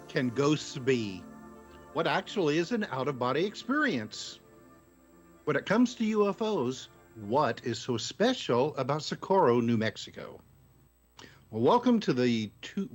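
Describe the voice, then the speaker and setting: A man's voice: mid-range voice, husky. A man hosting a radio talk show over a remote call, introducing it in an announcer-like way. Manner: announcer-like, lively.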